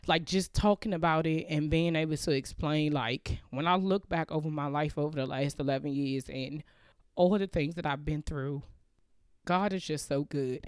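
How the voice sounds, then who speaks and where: A woman's voice: low voice, normal speed, a little mellow, clear, resonant tone, no room sound. A woman hosting a podcast, telling a personal story in an earnest, heartfelt, conversational way into a close mic. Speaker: podcast host.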